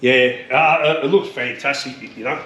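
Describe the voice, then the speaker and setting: A middle-aged Australian man talks cars in his home shed, rough-spoken and loose with the swearing, tripping over his words as he goes. His voice sits in an ordinary middle pitch. A faint hiss of noise runs underneath. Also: fairly even intonation, moderate pace, fairly bright tone. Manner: rough-spoken, swears freely, repeats himself. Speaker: car restorer showing his shed. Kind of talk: casual chat.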